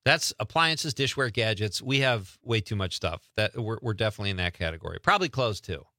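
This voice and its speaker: A man's voice: on the low side, expressive, brisk, pushed and bright, dry recording, studio quality. A man hosting a show, chatting casually and joking at his own expense. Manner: chatty, joking, self-deprecating. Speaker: show host. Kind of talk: casual radio-style chat.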